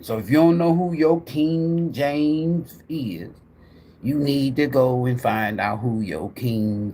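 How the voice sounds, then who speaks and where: Middle-aged male livestream host, preachy and profane, very lively intonation. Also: mid-range voice, breathy edge. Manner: animated, profane, preacher-like, addresses viewers directly. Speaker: tarot reader and livestream host. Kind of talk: rambling preachy livestream talk.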